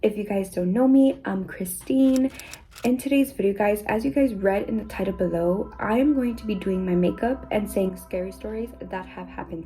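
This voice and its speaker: A woman's voice: medium pitch, normal speed, mellow, soft background music, low-quality recording. A young woman vlogger chatting casually about her own experiences while doing her makeup, constantly saying "you guys" and "like.". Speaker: beauty vlogger.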